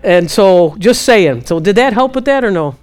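A woman's voice: moderate pace, clean tone. A woman giving casual Christian teaching, answering a question and acting out her own prayers. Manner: animated, quotes God in hushed low voice.

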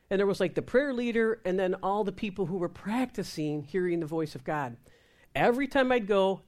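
A woman's voice: mid-range voice, darkish tone. A woman telling a faith testimony to a group, acting out the quoted dialogue in different voices as she goes. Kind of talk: testimony storytelling.

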